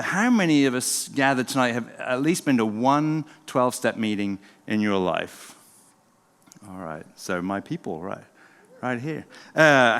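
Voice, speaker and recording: A middle-aged man from England with an English accent softened by a southern drawl, giving a relaxed, self-deprecating talk to a live audience as a former pastor. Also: medium pitch, clean tone. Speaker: pastor and speaker. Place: church event hall. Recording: long hall reverb.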